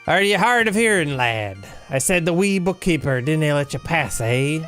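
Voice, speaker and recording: A man voicing a gruff male squirrel bard with a put-on Scottish-sounding lilt, chummy and folksy. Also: fairly high pitch, animated, moderate pace, fairly bright tone, faint music behind, pitched above the performer's own voice. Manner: folksy, chummy, calls people lad.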